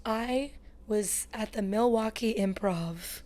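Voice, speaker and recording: A woman comedian from Los Angeles chats as a guest on a comedy podcast. Her voice sits a bit high, and she keeps slipping into other people's voices as she tells a story. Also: takes it slowly, a little mellow. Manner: chatty, acts out quoted voices. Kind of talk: casual comedy podcast chat.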